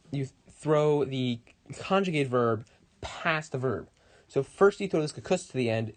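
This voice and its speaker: Medium in pitch with a darkish tone, a teenage boy turns his school project presentation into a loose, rambling lesson. He makes wry joking asides and keeps correcting himself.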